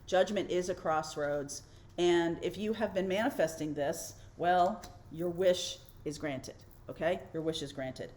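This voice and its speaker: A woman's voice: fairly low pitch, a little slow, a little mellow. Chatty woman giving a tarot reading. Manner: chatty, reassuring, thinks aloud with fillers. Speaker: tarot reader and channel host.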